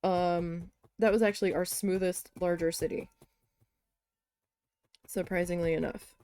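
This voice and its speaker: A woman's voice: on the low side, measured pace, clear, resonant tone. A young woman, a crafting vlogger, chatting casually and telling a story, swearing freely and acting out what others said. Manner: chatty, swearing, quoting others in lively voices.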